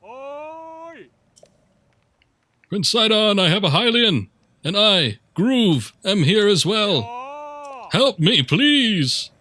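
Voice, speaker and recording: A man voicing a desperate male fish-like soldier who shouts frantically for help, in a video game. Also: very high-pitched, expressive, extremely slow, few pauses, no room sound, pitched above the performer's own voice, heavily acted.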